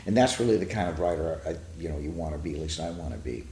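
A man's voice: very deep voice, animated, fast, a little mellow, slight background noise. An older man, a TV writer, chatting as an interview guest, telling long rambling stories and acting out quotes. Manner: rambling storyteller who acts out quotes. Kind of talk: casual interview chat. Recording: echoey room.

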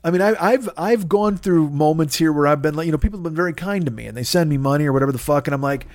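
A man's voice: on the high side, fast talker, a little mellow, no room sound. A man hosting a podcast, ranting in an angry, sarcastic way and swearing constantly. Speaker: podcast host. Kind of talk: profane comedic rant.

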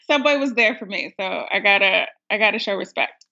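A young woman tells a story in an easy, chatty way, laughing often at herself. Her pitch sits in the middle range. The recording sounds dull and lo-fi. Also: lively intonation, brisk, creaky, bright, forceful tone. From United States. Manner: laughing often, self-mocking. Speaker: caller. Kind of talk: casual storytelling.

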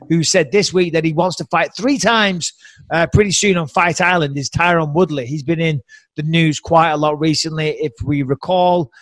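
A man hosting a podcast in casual, rambling chat, animated and swearing often, laughing a lot. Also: on the high side, no room sound. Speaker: podcast host.

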